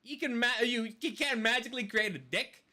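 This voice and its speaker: A man co-hosting a podcast who rants in casual chat and swears freely. His voice sits high, with a bright, forceful edge. He sounds fired up as he picks things apart. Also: brisk. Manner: animated ranting, swears a lot. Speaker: podcast co-host.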